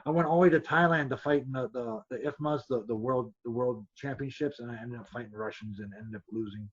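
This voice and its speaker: A husky-voiced man rattles through fight stories at a quick clip. He restarts and repeats words as he goes. The podcast audio sounds dull and lo-fi. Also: mid-range voice. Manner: animated storyteller who restarts and repeats words. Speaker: kickboxer guest. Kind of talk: casual storytelling chat.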